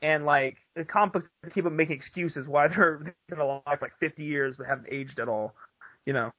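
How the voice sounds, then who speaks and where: A man's voice: on the high side, fairly quick, no room sound. A man chatting casually on a podcast, rambling and swearing, with frequent laughs. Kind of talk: casual chat. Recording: dull lo-fi podcast audio.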